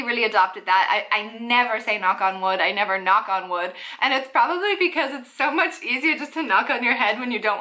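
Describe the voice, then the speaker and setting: Bright, chatty Canadian woman vlogger. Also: on the high side. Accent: Canadian English. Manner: chatty and upbeat, with playful asides. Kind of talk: casual vlog talk to camera.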